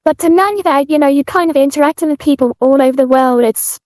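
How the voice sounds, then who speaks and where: A woman from the UK with a British accent, chatting as a guest in an interview, soft-spoken with many fillers and restarts. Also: high voice, fast, no echo. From United Kingdom. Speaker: guest streamer. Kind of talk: casual interview chat.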